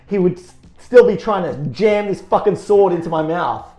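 A man telling a story in casual chat, animated and swearing, acting out voices. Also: high-pitched, moderate pace. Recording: roomy echo, faint music.

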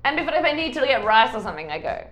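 A podcast co-host on a casual chat show, this woman has a slightly high, bright voice and talks very fast with lots of animation. She tells lively stories and acts out what others said, recorded in an echoey room with faint music behind her.

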